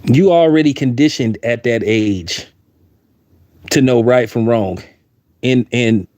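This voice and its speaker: A man's voice: medium pitch, slow, darkish tone, no echo. A man giving heated, blunt opinion commentary, repeating points for emphasis.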